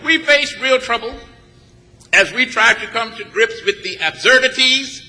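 A preacher from Texas builds his sermon with rhythmic, emphatic repetition. His voice is high and very bright, and the long reverb of a large church follows his words. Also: lively intonation, unhurried. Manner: rhythmic, emphatic, with repeated phrases. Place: church sanctuary. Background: congregation answering back.

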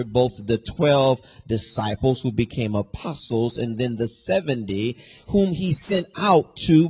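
A man's voice: medium pitch, slightly rough. A male pastor with a slight US West Coast accent, preaching a sermon with call-and-response and building intensity.

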